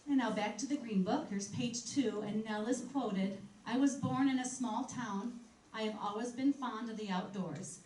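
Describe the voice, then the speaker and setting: A woman's voice: a little high, moderate pace, darkish tone. A woman giving a museum history talk in a conversational manner, reading passages aloud from old articles. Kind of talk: public history presentation. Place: museum program room. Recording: echoey room, speaker far from mic, faint noise.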